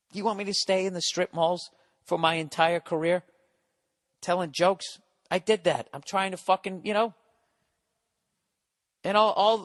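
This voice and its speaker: Profane ranting man, slightly high voice. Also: fairly bright tone, big-room sound. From United States. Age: 40s. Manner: profane, combative, sarcastic. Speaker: podcast host. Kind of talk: ranting podcast monologue.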